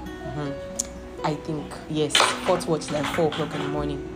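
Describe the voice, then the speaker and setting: A woman's voice: low-pitched, level tone, unhurried, over loud music. A woman teaching a Bible study, reading scripture aloud and explaining it patiently, asking her listeners questions.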